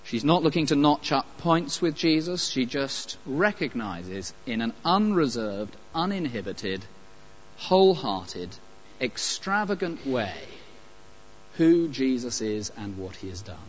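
A man preaching a sermon, emphatic and animated, with pauses and light asides. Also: medium pitch, slight background noise. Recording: dull lo-fi recording.

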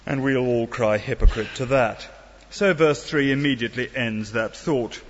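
A man's voice: medium pitch, normal speed. Preacher man in a reverberant hall. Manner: earnest, rhetorical questions, wry asides. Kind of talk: sermon. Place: church. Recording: dull sound in a long-reverb hall.

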